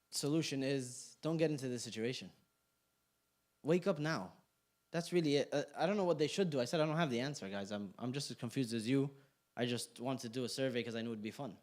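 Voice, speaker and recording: In a community center classroom, a young instructor runs an interactive session in a mid-range, slightly mellow voice. His tone is relaxed and playful as he jokes around and puts questions to the class.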